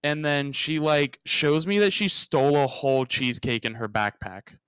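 A young man hosting a podcast, telling a long, animated workplace story in a casual chat and acting out what people said. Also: fairly high pitch, normal speed, clear, resonant tone, dry recording. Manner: animated, rambling storyteller who acts out quotes and swears freely. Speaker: podcast host.

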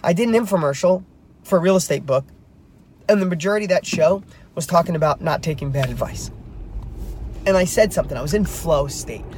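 A man's voice: a little high, animated, brisk, pauses often, darkish tone, slight background noise. A middle-aged man, a real estate coach, telling a story to camera while driving, emphatic and fired up.

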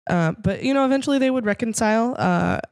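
A woman's voice: a little high, animated, darkish tone, no room sound. Chatty woman podcaster, dry close sound. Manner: chatty storytelling, quick laughs, playful. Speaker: podcast co-host presenting the segment. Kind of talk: casual podcast chat.

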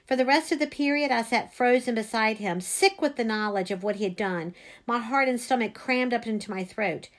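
A woman reading a first-person story aloud, expressive. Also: a little high, a little fast. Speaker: reader.

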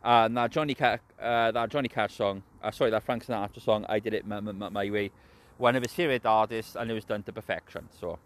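Mężczyzna z brytyjskim akcentem, który luźno i chaotycznie omawia wrestling, dużo przeklina i często się śmieje. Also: male voice, on the low side, fast. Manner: heavy swearing, rambling, laughs often. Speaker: wrestling show reviewer. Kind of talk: casual spoken recap and opinion.

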